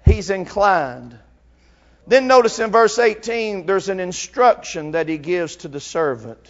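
A man's voice: high voice, moderate pace, a bit bright, dull audio. A man in his fifties preaching a sermon fervently, with frequent filler sounds between phrases.

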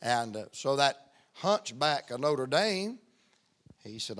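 A man's voice: mid-range voice, very animated, slow pace, fairly bright tone. A middle-aged man, a visiting preacher telling folksy jokes before his sermon. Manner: folksy joking storyteller. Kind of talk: humorous sermon opening.

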